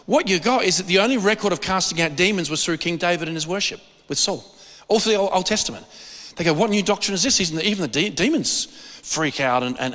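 Animated preacher with a high, bright voice. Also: male voice. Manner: animated, rambling, acts out quoted voices. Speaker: pastor. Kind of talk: sermon. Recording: preached in a large echoing hall.

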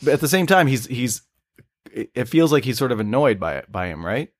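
Thoughtful podcast co-host. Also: male voice, medium pitch, big pitch swings, fairly quick, no room sound, studio quality. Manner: thoughtful, analytical, stammers a bit. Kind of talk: casual chat.

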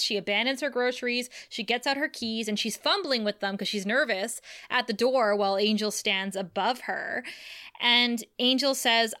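Bright, clear woman recapping animatedly. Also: fairly high pitch, moderate pace. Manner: animated storytelling, acting out the characters' lines. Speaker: podcast co-host. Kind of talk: casual chat recapping a TV episode.

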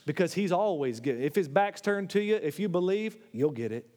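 A man preaching a sermon in a church, animated, swinging between loud, high exclamations and low, quiet asides. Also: brisk. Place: church sanctuary. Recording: long hall reverb.

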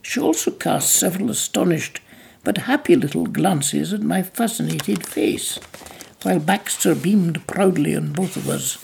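A narrator reading a novel aloud in measured storytelling, with small slips and restarts, in a gravelly, husky voice. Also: mid-range voice, expressive, a little mellow, a little hiss or hum. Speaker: audiobook narrator.

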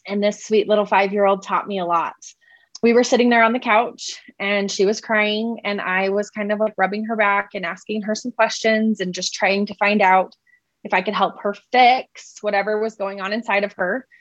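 A woman's voice: medium pitch, fairly even intonation, normal speed, no room sound. A woman in her thirties, a mother telling a personal parenting story in a conversational way, often saying "like" and "right?". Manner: conversational, heavy use of "like" and "right?". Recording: dull, slightly muffled sound.

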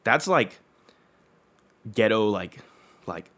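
A man's voice: lowish voice, animated, slow pace, a bit bright. A young adult man telling a long personal story in casual chat, rambling with lots of fillers and swearing.

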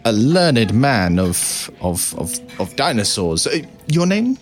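A man's voice: mid-range voice, very animated, faint music behind. A man doing a stiff, formal racing owner. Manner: halting, formal. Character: male dinosaur-racing owner, guarded and proud.

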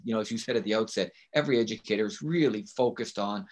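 This man, with a lowish voice and a quick pace, is a guest on a podcast about teaching. In casual interview conversation he speaks emphatically and keeps checking in with rhetorical questions like "right?".

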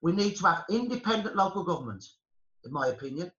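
Man, Birmingham accent, high pitch, emphatic, roomy dull recording. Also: animated, fast talker, fairly bright tone. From Birmingham, England. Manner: passionate, emphatic, speechmaking. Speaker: historian guest. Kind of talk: conversation on a podcast panel.

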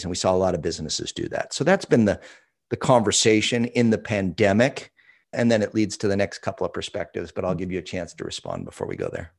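A man's voice: low voice, big pitch swings, fast, gravelly. A man, an author and consultant, answering interview questions in an emphatic storytelling way that repeats key phrases.

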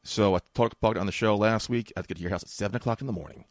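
A man hosting a casual chat, quick, offhand and joking. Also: on the low side, no room sound, studio quality. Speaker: podcast host.

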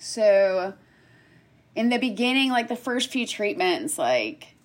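A woman's voice: medium pitch, slow. A woman in her thirties, a guest on a casual podcast, telling her story with lots of laughter and acted-out quotes. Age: 30s. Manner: animated storyteller, laughs often, acts out quotes. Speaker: guest, cancer survivor.

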